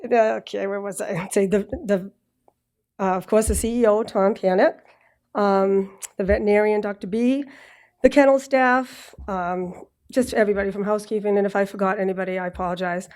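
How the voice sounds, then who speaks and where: A woman with a Boston accent from Massachusetts giving a prepared speech at a graduation ceremony, a little nervous, clearing her throat now and then and dropping in joking asides. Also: medium pitch, fairly even intonation, brisk, a little mellow. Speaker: graduate speaker. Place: ceremony with live audience.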